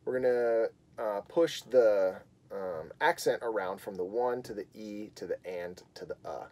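Man giving a relaxed guitar lesson. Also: fairly low pitch, unhurried. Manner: relaxed explaining with frequent fillers. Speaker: guitar teacher. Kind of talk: casual video guitar lesson.

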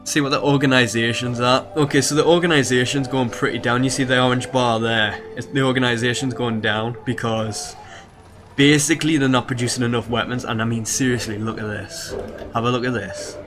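Male gaming host, mid-pitched, relaxed profane commentary, clear game music behind. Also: brisk. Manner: casual, swearing, talks to viewers. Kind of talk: strategy gameplay commentary.

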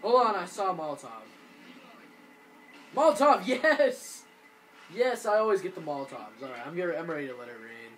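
A man casually commentating co-op gameplay with friends, excitable, often yelling and laughing. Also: sits high, normal speed, long pauses, a little hiss or hum. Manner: excitable, yells and laughs during fights. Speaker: gamer playing co-op with friends.

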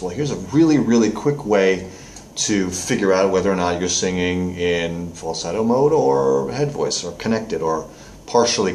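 A man's voice: on the low side, a little mellow, reverberant, a little hiss or hum. A male vocal coach explaining singing technique step by step, with short sung demonstrations.

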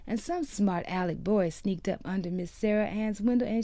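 A woman giving an animated first-person reading of a former slave's account, in rural dialect. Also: mid-range voice, normal speed, few pauses, no room sound. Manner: lively, animated dialect storytelling.

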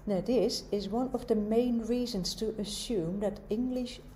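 A woman giving a university lecture, explaining in a measured way and asking rhetorical questions. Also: a little high, warm tone, a little hiss or hum.

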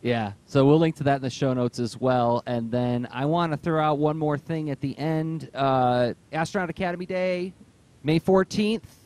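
A man's voice: fairly high pitch, moderate pace, darkish tone. A man hosting a comics podcast, chatting casually and animatedly and laughing often. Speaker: podcast host.

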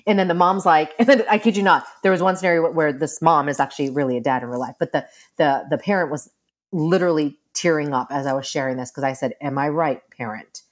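A woman's voice: deep voice, fast talker. A middle-aged woman, a family therapist, chatting casually as a guest and acting out quoted lines as she tells stories. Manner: animated storytelling, acts out quoted lines. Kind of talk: casual interview talk.

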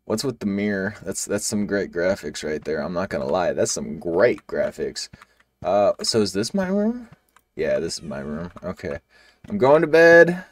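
A man's voice: sits low, very animated, moderate pace, darkish tone. A young man casually commenting and joking as he plays a short horror game. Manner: joking, casual, reacts aloud. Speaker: gaming video creator. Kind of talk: let's play commentary.

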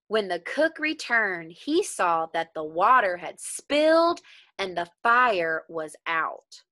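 Woman teacher, children's read-aloud, lively pitch, slow and bright, dry close sound. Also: no echo. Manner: expressive, questioning the listeners.

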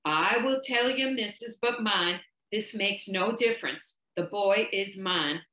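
A woman doing a quiet, grim man's voice. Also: echoey room, low-quality recording. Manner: quiet, low and deliberate speech. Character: grim, quiet male orderly, steady and menacing.

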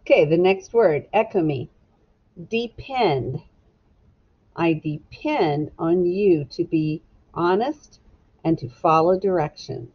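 A woman teacher giving a recorded phonics lesson to children, slowly sounding out letters and words in a clear, encouraging way. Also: fairly low pitch, expressive, highs cut off.

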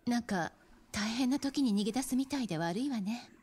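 An actress voicing a troubled young woman in a video game, speaking softly and hesitantly. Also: a little high, animated, very fast, husky. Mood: apologetic. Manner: soft, hesitant, apologetic speech. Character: troubled young adult woman, game heroine, soft-spoken.

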